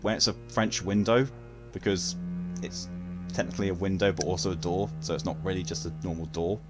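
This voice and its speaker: A man's voice: low-pitched, fairly even intonation, fairly quick, loud music behind the voice. A man streaming a video game, chatting casually with his viewers, joking, swearing freely and laughing often. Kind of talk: casual gaming stream chat.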